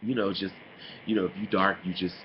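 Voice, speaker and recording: Low-voiced guy going off sassy in a vlog, lo-fi muffled sound with hiss behind. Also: fairly quick, gravelly. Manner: sassy, animated, mocking impressions. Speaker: vlogger. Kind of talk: casual opinion monologue. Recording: dull lo-fi home recording with noise.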